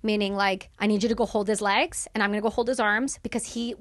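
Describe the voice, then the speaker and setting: A young woman speaking as a podcast guest, telling a candid story in animated, fast bursts and swearing freely. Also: medium pitch, no echo, clean studio sound.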